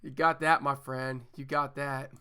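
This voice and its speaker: A man hammers his points home on a podcast, repeating himself and swearing. His voice has a bright, forceful edge and sits at an ordinary pitch. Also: little pitch movement, a little slow, clean tone. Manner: emphatic, repetitive, profane. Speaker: podcast co-host. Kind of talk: casual podcast chat.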